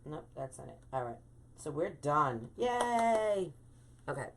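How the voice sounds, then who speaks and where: A woman with a slightly low voice hosts a live wreath-making stream. She chats freely and greets each viewer by name as she works through the tutorial. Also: big pitch swings, slow. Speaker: wreath designer hosting a live craft stream.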